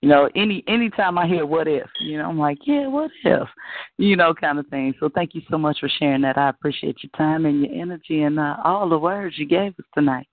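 A man's voice: on the high side, fast, hardly any pauses, dry recording. A man hosting a call-in poetry show, upbeat and affectionate, laughing often. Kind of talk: casual call-in radio chat. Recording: dry phone-line audio.

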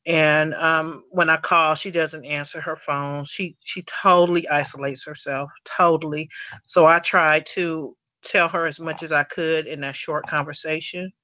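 A man with a fairly high, bright and tense voice hosts a support call, speaking earnestly and haltingly. The sound is dry and close but dull, like a lo-fi phone line. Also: fairly even intonation, dry recording. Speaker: host of a support conference call. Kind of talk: conference call sharing.

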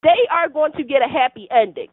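A woman's voice: high voice, lively intonation, a little fast, no room sound. A woman in a casual soap opera chat, talking in an earnest, rambling way. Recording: tinny phone-like line, dry.

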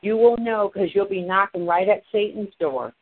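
Animated woman on a tinny phone line. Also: mid-range voice, moderate pace, no echo. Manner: animated, retells conversations in quoted voices. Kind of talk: casual storytelling on a call-in show.

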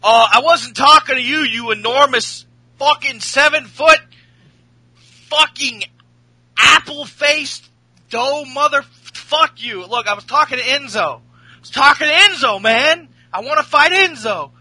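A man's voice: extremely high pitch, unhurried, sharp tone, no room sound, pitched above the performer's own voice, heavily acted. A man putting on a cocky, short male wrestler who taunts and swears in a raised, mocking voice. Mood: taunting.

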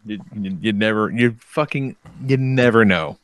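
A young adult man hosting a podcast, telling stories in casual, animated chat with lots of swearing and laughter. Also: on the low side, moderate pace, dry recording. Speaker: podcast host.

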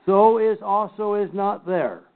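An older man teaching a Bible class, slowly and emphatically picking apart scripture word by word. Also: high voice. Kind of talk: Bible study lecture. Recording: tinny phone-like recording.

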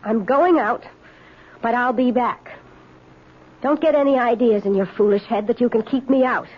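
A brazen, mocking young squatter. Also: female voice, on the high side, normal speed, breathy edge. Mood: taunting. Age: young adult. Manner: taunting, sing-song. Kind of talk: 1970s radio drama acting. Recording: dull old radio broadcast with hiss.

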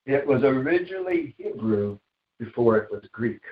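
A man preaching a sermon as pastor, slow and emphatic, repeating phrases for weight. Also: medium pitch, lively intonation. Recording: echoey, dull sound from far off the mic.

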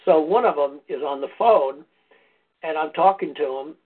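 A man's voice: fairly high pitch, moderate pace, slightly rough. A man, a podcast guest, casually telling a meandering personal story in a conversational way. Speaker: podcast guest, foundation founder. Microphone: phone or call line. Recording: tinny phone-line audio.

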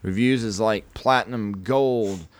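A man's voice: lowish voice, no room sound. Male podcast host, rambling casual chat, dry mic. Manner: rambling, drawn-out sign-off with playful shouts.

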